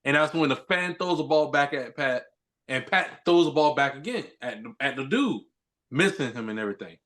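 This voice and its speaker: A man's voice: fairly high pitch, animated, normal speed, fairly bright tone. A man co-hosting a podcast in casual chat, telling a story animatedly with disbelief. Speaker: podcast co-host.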